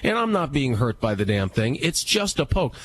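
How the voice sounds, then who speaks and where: A man co-hosting a radio talk show, telling stories in a casual, animated way and acting out the dialogue. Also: mid-range voice, normal speed, a little hiss or hum. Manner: animated storyteller who acts out dialogue. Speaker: co-host. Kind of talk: casual storytelling chat.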